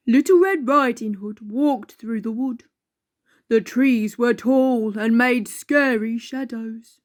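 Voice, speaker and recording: A woman puppeteer narrating a children's story in an animated, expressive way. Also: fairly high pitch, slow pace.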